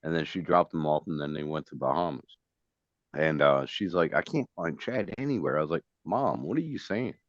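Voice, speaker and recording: A man with a very deep voice tells a personal story in loose, casual talk, swearing freely. The recording is dry and close, with a somewhat dull, muffled tone. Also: moderate pace, no room sound. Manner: loose, swears, lively when quoting. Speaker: host. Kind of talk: casual chat.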